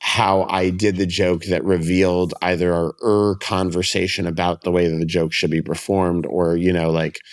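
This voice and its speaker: A man guest on a podcast, telling stories in a rambling casual way with quick restarts and acted-out quotes. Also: sits low, level tone. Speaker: comedian guest.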